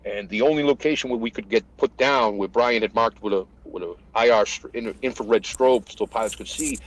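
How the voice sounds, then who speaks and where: A retired American master sergeant, a man, retelling combat stories in casual conversation and acting out the shouted lines. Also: mid-range voice, a little fast, dry recording, poor audio. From United States. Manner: animated retelling, acts out shouted quotes. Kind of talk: conversational war storytelling.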